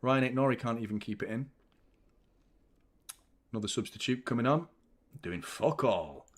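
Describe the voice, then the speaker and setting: A man's voice: mid-range voice, expressive, moderate pace. A young man hosting a live football watchalong, ranting and swearing constantly in exasperation. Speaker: fan channel host.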